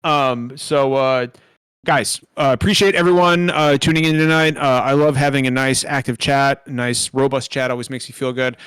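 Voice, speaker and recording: A man's voice: medium pitch, normal speed, smooth, no room sound. A man hosting a casual live-streamed podcast, chatting animatedly and swearing freely. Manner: swearing, animated, sign-off patter. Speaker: podcast host.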